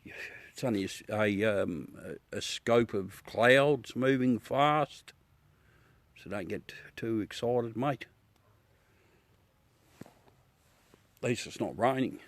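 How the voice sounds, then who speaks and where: Speaking slowly at a medium pitch, a middle-aged Australian man chats with his livestream audience. His talk is casual and blunt, peppered with swearing, and he calls everyone mate.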